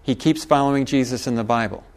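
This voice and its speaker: A man's voice: mid-range voice, quick pace. A middle-aged man preaching a sermon, telling a folksy story with chuckles and asides to the congregation. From Texas.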